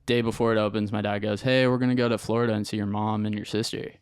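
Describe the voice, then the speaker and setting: A young man, a podcast guest, telling his story in an animated, slangy way with lots of acted-out quotes. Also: fairly low pitch, fast talker, clear, resonant tone, no echo, clean studio sound. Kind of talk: casual storytelling interview.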